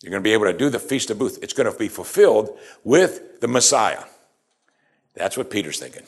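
A man with a low-pitched voice preaches a sermon in an animated, conversational way. He jumps into quoted lines with a raised voice and chuckles as he explains the scripture. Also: a little fast, slightly rough.

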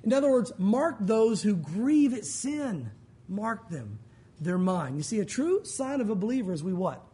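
A man's voice: high voice, very animated, normal speed, few pauses, warm tone, slightly rough. A male pastor preaching a sermon in a conversational way, with joking asides.

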